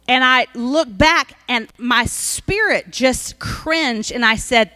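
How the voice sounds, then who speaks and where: A woman's voice: on the high side, lively intonation, a little slow, few pauses, a bit bright, no room sound. A woman pastor, telling a personal story in an emphatic sermon.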